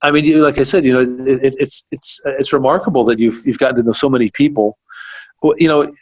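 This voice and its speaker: A man's voice: mid-range voice, steady tone, quick pace, slightly rough, no room sound. A man hosting a radio interview, asking questions and reacting with surprised interjections. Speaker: radio show host.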